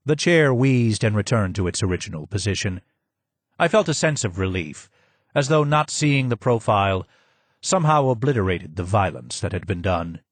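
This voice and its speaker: A man reading a first-person memoir aloud as an audiobook narrator, in steady storytelling. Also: fairly low pitch, moderate pace, no echo. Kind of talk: scripted narration.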